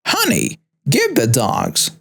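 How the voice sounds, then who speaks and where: A man voicing a shrill, screeching entitled older woman in a narrated story. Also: huge pitch swings, slow, full character voice. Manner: screeching, high and accusing.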